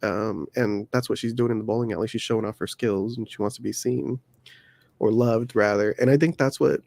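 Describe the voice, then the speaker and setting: A man's voice: fairly low pitch, steady tone, a little fast, creaky, darkish tone. A man hosting a podcast who talks through a film in a thoughtful, analytical way during a casual discussion. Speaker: podcast host.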